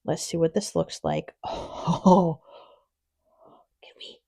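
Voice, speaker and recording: A woman's voice: on the low side, huge pitch swings, slow, dark tone, slightly rough. A woman hosting a casual nail product unboxing, gushing with little exclamations and sometimes dropping into a whisper. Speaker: nail channel host. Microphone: phone.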